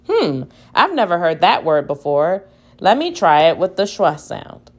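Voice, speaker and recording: Female teacher, low-pitched and unhurried, modeling syllable-by-syllable phonics reading. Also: very animated, a little mellow. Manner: slow, deliberate, sounding out syllables aloud. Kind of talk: phonics lesson demonstration.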